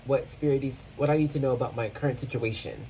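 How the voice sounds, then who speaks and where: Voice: medium pitch, fast talker, mellow, slight background noise, low-quality recording. A tarot reader in a casual pick-a-card reading who thinks aloud and often stops to search for words, with many fillers and restarts.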